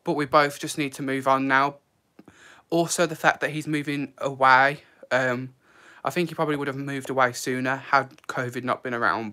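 A man's voice: medium pitch, pushed and bright. A man chatting on a live stream in a casual, emotional way, leaning on "like" and "literally.".

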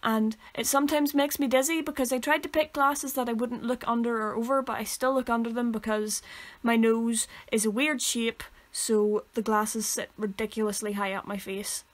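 A woman's voice: fairly high pitch, fairly even intonation, moderate pace, few pauses. A young woman with a Northern Irish accent, co-hosting a casual podcast and telling rambling stories that she keeps correcting as she goes. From Northern Ireland. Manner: rambling, self-correcting storyteller. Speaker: podcast co-host. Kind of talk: casual chat.

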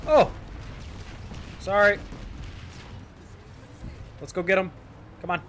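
A man's voice: mid-range voice, fairly quick, a bit bright, a little hiss or hum. A man giving casual, jokey commentary over his own gameplay, talking to his viewers, repeating phrases and swearing when things go wrong. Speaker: gameplay streamer.

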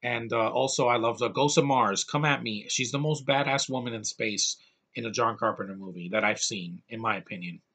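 A man talking straight to camera in a casual movie review vlog, excitable and gushing, rambling with stops and restarts. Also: mid-range voice, brisk, slightly rough.

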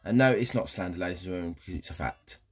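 A man's voice: low-pitched, racing, breathy edge, faint music behind. A man giving cheeky, chatty commentary over a video game playthrough, often addressing viewers. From England. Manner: cheeky, banter-heavy, keeps addressing viewers. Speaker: gaming channel host. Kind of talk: casual let's-play commentary.

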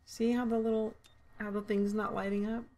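A woman playing a shooter solo, talking to herself through a headset, swearing freely and yelling at enemies, tired and loopy. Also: mid-range voice, moderate pace, a little hiss or hum. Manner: swears often and shouts at enemies, with loud excited outbursts. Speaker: gamer streaming her own play. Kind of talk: casual gameplay commentary.

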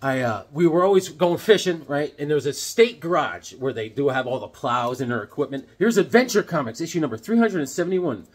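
A man's voice: fairly high pitch, fairly quick, hardly any pauses. A middle-aged man hosting a casual vlog, rambling and joking as he shows comic books and tells stories. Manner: rambling, jokey, animated, acts out voices. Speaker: comic book collector host.

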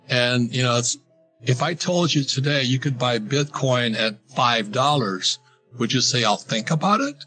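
A man's voice: mid-range voice, bright, forceful tone. An older man talking in a casual interview, rambling with restarts while telling anecdotes. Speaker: guest, financial author.

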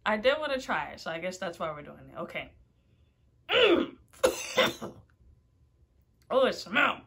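A woman YouTuber hosting a casual food challenge vlog, talking nervously and exclaiming loudly. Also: mid-range voice, big pitch swings, unhurried, gravelly, breathy edge.

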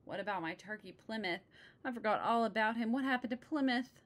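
A woman voicing an eager, sweet little girl bear cub in a storybook with a high, bright voice. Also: fairly even intonation, fairly quick, natural voice. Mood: excited.

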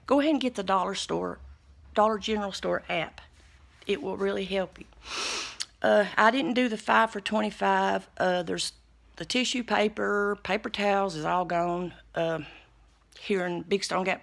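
Gravelly-voiced woman vlogging. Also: medium pitch. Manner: homey, chatty and devout. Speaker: vlogger sharing store deals. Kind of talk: casual talk to camera.

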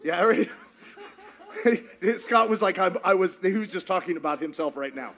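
Guy pastor teaching a group, lively swingy voice, jokey, keeps asking the crowd stuff. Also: high-pitched, unhurried. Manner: playful, jokey, asks the crowd questions. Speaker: pastor leading a group discussion. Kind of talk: interactive teaching talk with audience.

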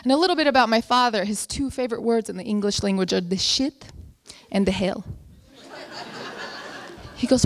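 A woman's voice: on the high side, moderate pace, long pauses. A young woman telling a funny story live, acting out her family members' voices.

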